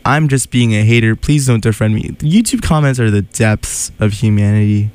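Animated man hosting a radio show. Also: fairly low pitch, normal speed, a little hiss or hum. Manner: animated, laughing, incredulous. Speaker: radio host. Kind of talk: casual radio chat.

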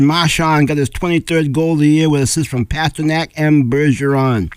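A man's voice: mid-range voice, darkish tone, no room sound. Man reading scores, voice going. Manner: plain, unhurried score reading with fillers and throat clearing. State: losing his voice. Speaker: local radio sports announcer. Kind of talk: reading sports scores on air. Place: radio studio.

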